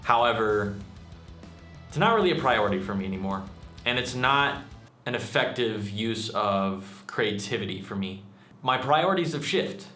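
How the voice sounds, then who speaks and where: A young man giving a casual, self-deprecating update to his channel. His low voice has a bright edge and he fills pauses with ums. The room echoes, and faint music sits behind him. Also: expressive. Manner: rambling and self-deprecating, with many fillers.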